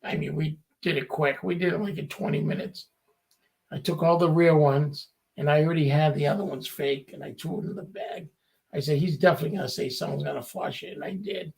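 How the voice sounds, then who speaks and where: Gravelly man spinning a story. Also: on the high side, a little fast. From Revere, Massachusetts. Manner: animated anecdote-telling, acting out quoted people. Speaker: guest. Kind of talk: casual storytelling.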